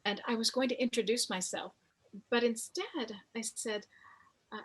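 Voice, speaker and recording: A woman in her fifties, an author interviewed about her memoir, telling her story slowly and reflectively with many pauses. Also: fairly high pitch, steady tone, breathy edge. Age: 50s.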